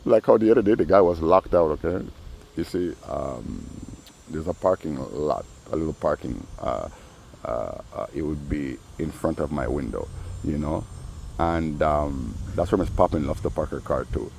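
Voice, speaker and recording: A man with a very deep, low voice talks straight through a rambling vlog monologue. He tells stories loosely, with profanity and constant asides to the viewer. A faint hum of noise sits behind him. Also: animated, moderate pace, gravelly, a little mellow. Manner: profane, storytelling, full of asides. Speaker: vlogger.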